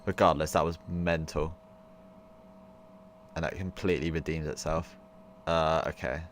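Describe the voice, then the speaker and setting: This young man's voice is extremely low and fairly flat in intonation, and he speaks a little slowly while streaming a visual novel. Casual and rambling, he uses lots of fillers, swears occasionally and laughs loudly, with hum and noise in the stream audio.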